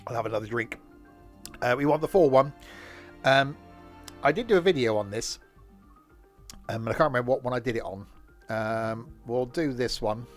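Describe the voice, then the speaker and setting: Hoarse man rambling through a game stream. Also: medium pitch, normal speed, long pauses, soft background music. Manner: chatty, rambling, lots of fillers and self-corrections. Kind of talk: casual live-stream commentary.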